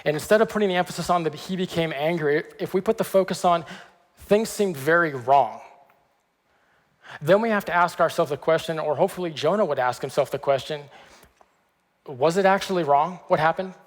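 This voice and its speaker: A man delivering a sermon in a relaxed, conversational manner, often stopping to check in with his listeners. His voice sits a little high for a man. A long church reverb trails behind every phrase. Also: fast talker. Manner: conversational, frequent "okay" check-ins. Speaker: pastor. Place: church sanctuary.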